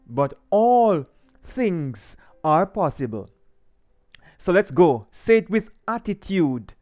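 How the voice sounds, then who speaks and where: A man's voice: fairly high pitch, a little mellow, clear, resonant tone. A man hosting his own channel, giving a motivational faith talk and emphatically repeating slogans for viewers to say along with him. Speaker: channel host.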